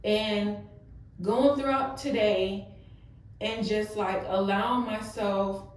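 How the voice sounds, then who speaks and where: A woman's voice: medium pitch, fairly even intonation, slow, recorded from a distance. Chatty young woman in an echoey room. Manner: casual, emotional, lots of fillers like "yo, like". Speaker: vlogger. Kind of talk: heart-to-heart vlog talk.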